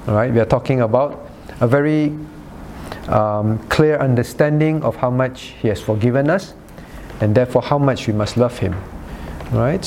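Male pastor, medium pitch, conversational teaching with direct questions, slight background noise. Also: a little mellow. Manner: questions listeners by name; rhetorical "right?" checks. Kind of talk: sermon-style Bible study.

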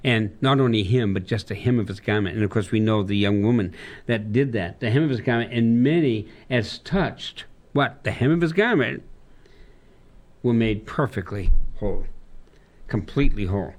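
A man, a pastor, talking through a Bible passage with a colleague and reading verses aloud slowly in old-style wording. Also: on the low side. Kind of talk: conversational Bible discussion.

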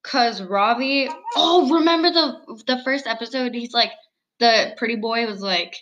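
Teen girl on a video call, giggly and chatty, kinda high and really bright. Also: measured pace, low-quality recording. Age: early teens. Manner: giggly, chatty, self-deprecating. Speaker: co-host. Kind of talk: casual video-call chat. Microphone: computer mic on video call.

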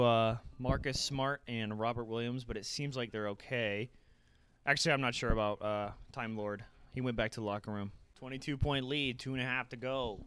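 A young man giving casual, profane play-by-play as a fan while watching a game, bursting into excited shouts. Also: medium pitch, clear, resonant tone, no room sound.

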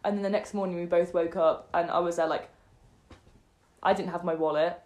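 A young woman co-hosting a podcast, telling a night-out story in an animated way, acting out the people she quotes. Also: fairly low pitch, a little fast. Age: young adult. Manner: animated storyteller, acts out quoted voices, many fillers. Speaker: podcast co-host. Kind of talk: casual storytelling chat. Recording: echoey room.

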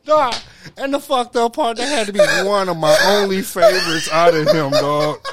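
A man's voice: high voice, normal speed, a loud crowd. A man co-hosting a podcast in casual chat, teasing and reacting with disbelief. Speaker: podcast co-host.

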